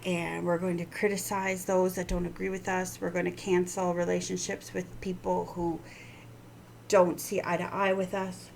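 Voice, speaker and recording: A woman giving a gentle devotional talk, soft and tender, often dropping to a hush, with her morning voice. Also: lowish voice, little pitch movement, moderate pace, creaky, a little hiss or hum, poor audio. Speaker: devotional host.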